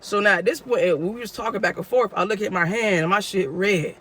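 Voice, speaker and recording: A man's voice: sits high, quick pace, bright, forceful tone, a little hiss or hum. A man telling a casual story-time tale for his vlog in a slangy way, full of "you know what I'm saying.". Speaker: vlogger.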